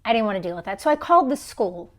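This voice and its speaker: A woman's voice: mid-range voice, expressive, fast. A woman in her thirties on a phone live stream, telling a story in an emphatic way and acting out the people she quotes. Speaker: vlogger.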